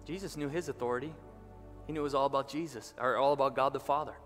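A man's voice: medium pitch, fairly even intonation, a bit bright. Impassioned male pastor in a reverberant church. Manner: impassioned preaching, slows and rises for emphasis. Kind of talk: sermon. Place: church sanctuary. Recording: reverberant church hall with music behind.

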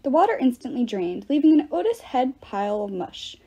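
A woman reading a novel aloud with lively, expressive narration. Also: sits high, brisk, breathy edge. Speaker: reader.

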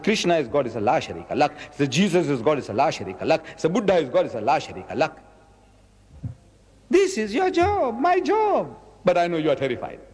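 Dramatic man lecturing in a hall. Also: sits high. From South Africa. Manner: dramatic, acts out dialogues, rhetorical questions. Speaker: Islamic lecturer. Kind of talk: public lecture to an audience.

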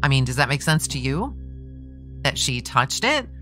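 A woman's voice: very deep voice, sing-song, normal speed, fairly bright tone, soft background music, full character voice. A woman reading a trial transcript aloud, voicing a persistent male defense attorney who presses a witness with leading questions. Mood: pressing. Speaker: true crime podcast host.

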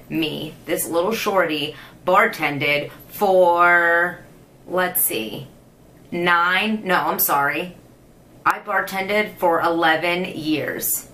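A woman's voice: on the low side, animated, slow, bright, forceful tone, a little hiss or hum, poor audio. A woman in her late twenties chatting casually to camera as a vlogger, playful and self-mocking. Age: late 20s.

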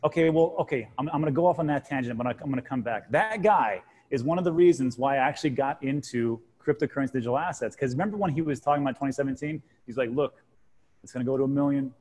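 A man in his forties chatting casually on a panel show as a guest co-host, telling stories in a lively way and acting out what others said. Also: medium pitch, quick pace, few pauses, husky, poor audio. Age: 40s. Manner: animated storyteller, acts out quotes. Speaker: guest co-host, crypto channel host.

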